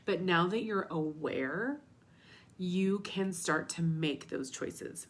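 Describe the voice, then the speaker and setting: A woman's voice: fairly low pitch, slow pace. Candid woman giving a motivational talk. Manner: candid, casual, mild swearing, drops into whispers. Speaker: self-help coach.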